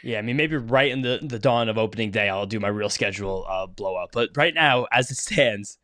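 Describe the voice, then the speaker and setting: A man co-hosting a podcast in casual chat, rattling along at a quick clip. He rambles through long thoughts and swears casually. The sound is close and dry, with no room behind it. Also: fairly low pitch, bright, forceful tone, no room sound. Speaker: podcast co-host.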